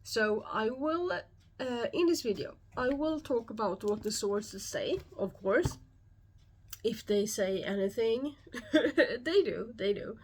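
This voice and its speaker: A woman with a Swedish accent, a YouTube host talking alone to camera, calm and measured, often pausing. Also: a little high, husky. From Sweden. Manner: calm, measured explaining with frequent pauses. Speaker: YouTube host and shamanic practitioner. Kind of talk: solo explanatory talk to camera.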